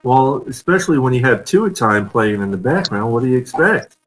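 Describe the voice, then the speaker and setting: Over a video call with rough audio, a male fan show host chats casually on a live stream, telling stories and laughing often. His voice sits at medium pitch, and he talks in a very animated, brisk way.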